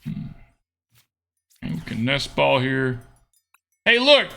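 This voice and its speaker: A man's voice: medium pitch, very animated, takes it slowly, creaky, bright, forceful tone. A young man streaming a card game, chatting casually and thinking aloud with murmured hmms and repeated okays. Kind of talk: casual live gameplay commentary.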